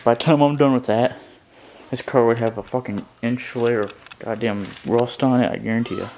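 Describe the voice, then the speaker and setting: A man casually explaining his rust-removal project, rambling and halting with lots of fillers and the odd curse, recorded in a garage. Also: medium pitch, fairly even intonation, a little mellow, a little hiss or hum. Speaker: DIY vlogger. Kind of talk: casual how-to commentary. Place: garage with a car, indoors.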